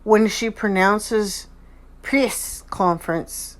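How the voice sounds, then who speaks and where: Slow, rambling woman critiquing clips. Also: fairly low pitch. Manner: rambling and repetitive, analyzing others' speech. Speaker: channel host commenting on clips. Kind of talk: conspiracy commentary over video clips.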